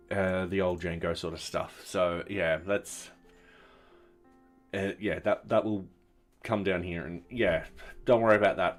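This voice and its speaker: A man live-streaming his coding work, thinking aloud and narrating each step as he tests his software in a relaxed, offhand way. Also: low-pitched. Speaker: software developer streaming his open source project.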